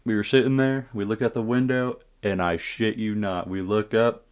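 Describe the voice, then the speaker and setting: A man with a very low voice tells a story time tale in a loose, casual way. He swears freely, acts out the moments with energy and breaks off to speak to his viewers. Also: normal speed, clear, resonant tone. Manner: profane, animated retelling with asides to viewers.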